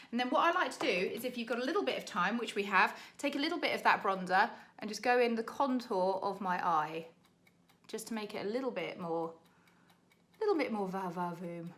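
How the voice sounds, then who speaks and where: A young British woman, a makeup artist, chatting to camera in a rushed, laughing tutorial while doing her makeup. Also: on the high side, a bit bright. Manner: chatty, rushed, laughing under time pressure.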